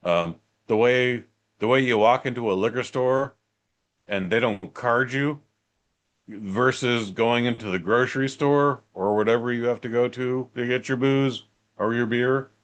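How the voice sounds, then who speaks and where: A man's voice: mid-range voice, measured pace. A middle-aged man co-hosting a podcast in laid-back, joking banter. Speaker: podcast co-host. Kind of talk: casual chat.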